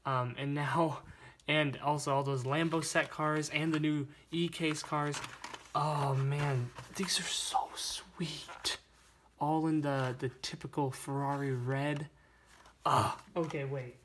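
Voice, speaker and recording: A young man vlogging as he unboxes toy cars, gushing and stammering with excitement. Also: on the high side, a little slow. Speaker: toy car collector vlogger. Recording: noisy room with crinkling bags.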